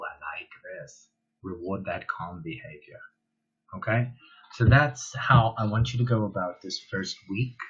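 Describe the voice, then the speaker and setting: A man's voice: fairly low pitch, slightly rough, dull audio. A man giving a casual online dog training workshop, chatty and talking straight to the viewer, with an offhand swear now and then.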